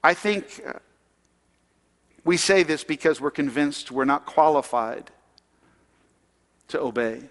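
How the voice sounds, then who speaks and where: A man's voice: fairly high pitch, lively intonation, slow, long pauses, a bit bright, big-room sound. A man preaching a sermon in a conversational way, asking the congregation questions. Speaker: pastor.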